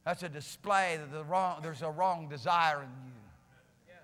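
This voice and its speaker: A male pastor preaching a sermon with fervor, rising at times into shouting. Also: on the high side, unhurried, in a large hall. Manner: impassioned preaching, builds to shouting. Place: church sanctuary.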